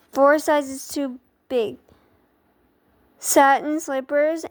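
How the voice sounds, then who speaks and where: A woman reading a children's book aloud in an expressive, dramatic way, with small stumbles. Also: high-pitched.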